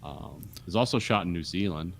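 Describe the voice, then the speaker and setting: A man's voice: low-pitched, animated, moderate pace, gravelly. A man co-hosting a casual podcast, talking about films in a laid-back, offhand way. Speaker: podcast co-host. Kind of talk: casual movie chat.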